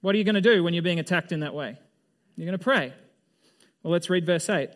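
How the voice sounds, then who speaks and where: A man with a notably high-pitched voice preaching a sermon to a gathered congregation. His delivery is loose and conversational, full of questions thrown out to the room. He often restarts or drops a sentence halfway before pressing on. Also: fast. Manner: restarts and trails off mid-sentence. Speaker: pastor.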